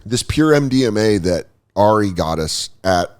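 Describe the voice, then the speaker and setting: A man's voice: on the low side, moderate pace, clear, resonant tone. A man hosting a podcast, telling crude stories in a casual comedic chat. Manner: crude, animated storytelling. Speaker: podcast host.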